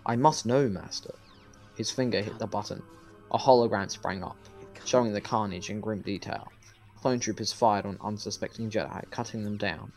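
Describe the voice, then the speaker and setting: Low-voiced man reading a novel aloud. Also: normal speed, vocal fry, faint music behind. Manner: casual with fillers in the intro, then steady reading. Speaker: channel host and narrator.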